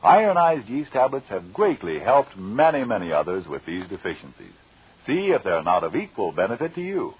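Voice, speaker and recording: Casting: old-time male radio announcer, husky and lively, with a dull broadcast sound. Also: moderate pace. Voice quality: persuasive, emphatic pitch. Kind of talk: 1930s radio ad copy.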